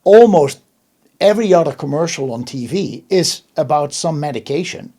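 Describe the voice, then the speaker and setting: A man's voice: a little high, expressive, moderate pace, warm tone. A man hosting an interview in casual chat, emphatic and often restarting his words. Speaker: host.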